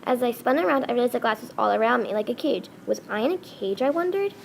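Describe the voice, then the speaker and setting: A woman reading a first-person story aloud, halting and often restarting words. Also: a little high, lively intonation, vocal fry, a little hiss or hum. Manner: halting, with frequent restarts and self-corrections.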